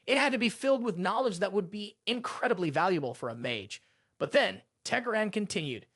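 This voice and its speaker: A storyteller recapping a fantasy tale in a steady, even manner. The pitch moves a lot from phrase to phrase. The mic is close and dry, with no room sound. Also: brisk, dry recording. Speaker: narrator.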